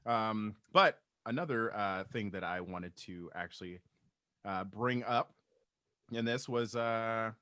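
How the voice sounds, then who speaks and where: A man's voice: fairly low pitch, slow pace, bright, forceful tone, no echo. A man co-hosting a podcast in casual comedic chat, rambling through stories and swearing freely. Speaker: podcast co-host.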